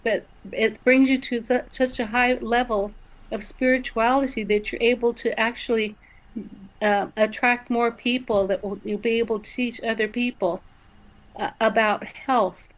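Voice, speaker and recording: A woman's voice: a little high, steady tone, moderate pace. Older woman reverend, chatty storyteller. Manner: chatty, reassuring, restarts words often. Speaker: reverend giving spiritual readings. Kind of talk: spiritual talk and storytelling.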